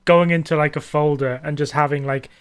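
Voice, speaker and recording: A man co-hosting a podcast, chatty and quick to laugh in casual chat. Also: a little high, steady tone, clear, resonant tone. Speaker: podcast co-host.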